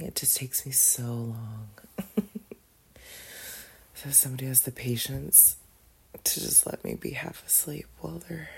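Woman, very low and husky voice, drowsy morning tone, intimate casual diary from bed, often half-whispered. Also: dark tone. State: groggy morning voice. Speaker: audio diarist. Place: in bed at home.

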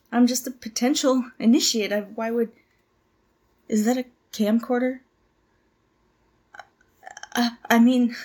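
A woman's voice: a little high, husky. A woman in her twenties playing a nervous young cult initiate who stammers, apologizes and tries hard to please. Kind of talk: audio drama monologue.

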